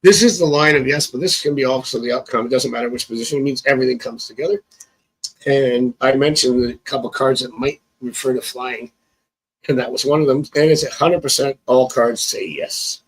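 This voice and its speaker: A man's voice: medium pitch, fairly even intonation, brisk, slightly rough, low-quality recording. A man reading tarot cards on a live stream. He chats casually, thinks aloud and chuckles often. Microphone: phone.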